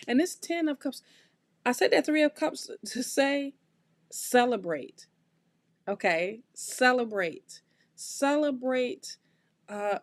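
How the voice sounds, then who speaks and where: A woman giving a live tarot reading, talking straight to her viewers in a warm, encouraging, chatty way with lots of repeats and restarts. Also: fairly high pitch. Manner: loose, chatty phrasing with restarts. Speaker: tarot reader hosting a live stream.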